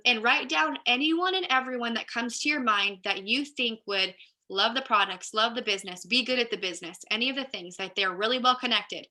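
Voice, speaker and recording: Bright, upbeat woman coaching her team. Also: fairly high pitch. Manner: chatty and upbeat, direct, frequent "like" and "you guys". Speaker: team leader. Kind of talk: casual training talk to a team.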